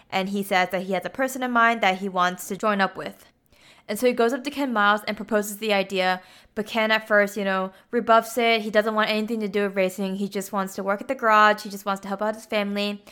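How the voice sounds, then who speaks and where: A woman recounts a movie's story in a loose, chatty way, leaning on filler words as she goes. Her voice is bright and crisp, sitting at an ordinary pitch. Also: steady tone, brisk. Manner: chatty, with frequent 'like' and 'you know'. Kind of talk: casual film plot retelling.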